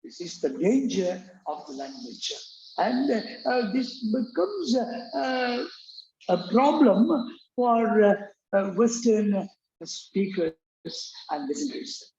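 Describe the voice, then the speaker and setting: A man teaching an English accent lesson, halting with many fillers and restarts, repeating words for drill. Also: high voice, sing-song, darkish tone, a little hiss or hum. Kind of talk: classroom-style lecture. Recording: roomy, dull lo-fi recording.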